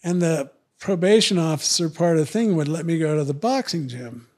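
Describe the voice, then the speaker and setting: A man's voice: fairly high pitch, expressive, a little fast, a little mellow. A man telling a long story in casual podcast chat, acting out other people's lines in raised voices. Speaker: podcast guest, retired fighter.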